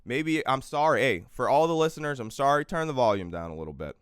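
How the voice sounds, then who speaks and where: A man's voice: mid-range voice, expressive, fast talker, clean tone, no room sound, studio quality. Fiery, profane man ranting on a livestream. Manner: swings between quiet weariness and loud fiery outbursts, profane. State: tired, exhausted. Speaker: livestream host. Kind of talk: impassioned political livestream rant. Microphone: close microphone.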